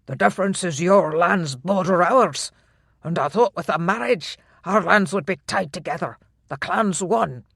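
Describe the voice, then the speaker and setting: A gruff Scottish clan chief, older and quick to take offence, blusters at every slight. The audiobook narrator puts him on with a slightly lowered, rougher tone. Recorded dry and close. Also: fairly bright tone, no echo, heavily acted. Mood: indignant. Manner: blustering, defensive. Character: gruff older male Highland laird.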